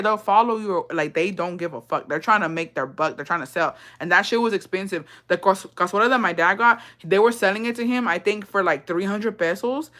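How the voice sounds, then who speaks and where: Bright, profane woman telling a story. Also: medium pitch. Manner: profane, animated storytelling with Spanish phrases and frequent laughing. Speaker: vlogger. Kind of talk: casual storytime.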